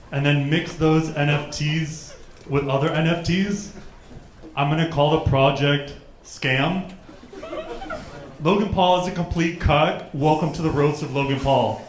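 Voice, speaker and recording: A man's voice: on the high side, steady tone, unhurried. A man delivering punchy roast-style one-liners on a club stage. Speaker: open-mic comedian. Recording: echoey club.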